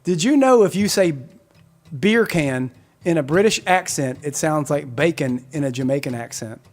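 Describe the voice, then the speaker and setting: A man's voice: on the high side, animated, moderate pace. A man in his forties, a musician hosting a live stream, chatting casually and rambling as he reads out viewer comments. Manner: chatty, rambling, self-correcting.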